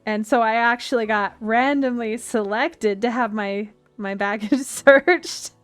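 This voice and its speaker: A woman's voice: on the high side, a little slow, dry recording. Woman streamer, Western US twang, rambling and chatty, faint music behind. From United States. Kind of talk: casual chat while playing a game. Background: faint game music.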